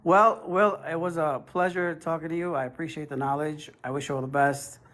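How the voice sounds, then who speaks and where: A man's voice: fairly high pitch, steady tone, a little fast, a bit bright. A man born in Israel calling in to a live online debate, defensive and questioning but polite. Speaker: call-in guest.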